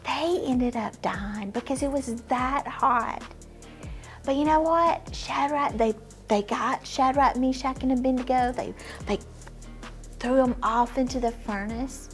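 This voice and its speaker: A woman tells a Bible story to children, animated and drawn out, sometimes dropping to a whisper for effect. Her voice sits a little higher than most and she speaks slowly. Soft music plays faintly underneath. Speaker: children's ministry teacher.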